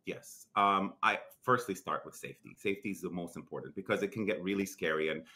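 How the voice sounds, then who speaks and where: A young adult man from Lebanon with a Lebanese accent, talking as an interview guest in an animated, casual way with many restarts and fillers. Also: sits low, quick pace.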